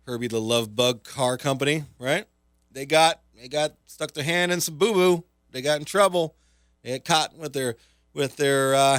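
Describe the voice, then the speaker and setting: A man's voice: medium pitch, a bit bright, dry recording. A man hosting talk radio as a comedian, delivering a casual, rambling monologue full of fillers, sarcasm and self-mockery from a studio microphone.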